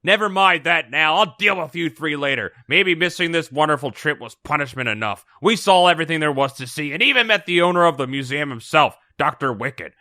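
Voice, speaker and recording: A man's voice: a little high, animated, brisk, hardly any pauses, bright, forceful tone, dry recording, clean studio sound. A man voicing a cross male schoolteacher who scolds and sounds self-satisfied, read aloud from a storybook. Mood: scolding.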